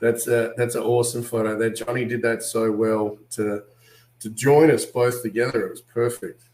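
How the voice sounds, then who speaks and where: A man with an Australian accent, an actor guest on an interview, telling animated anecdotes and acting out what other people said. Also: mid-range voice, normal speed, echoey room, low-quality recording. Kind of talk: casual interview storytelling.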